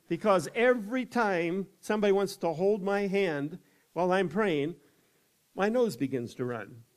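An older man with a fairly high-pitched voice tells a personal testimony. His delivery is folksy and conversational, and he slips into the voices of the people in his story. He speaks as a chaplain sharing faith experiences. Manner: folksy, acts out others' quoted words. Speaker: chaplain and evangelist.

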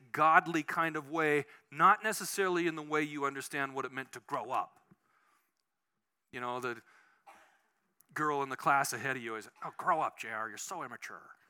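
Man, pastor, conversational sermon, high voice, bright and cutting, animated storyteller. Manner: animated, personal anecdotes, frequent restarts.

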